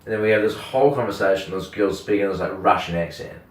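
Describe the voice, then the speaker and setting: A man's voice: deep voice, fast. A young man, telling a rambling story in casual chat, packed with "like" and acted-out quotes. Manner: rambling, animated, full of "like" and quoted voices. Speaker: radio host telling a story. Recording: roomy, distant mic.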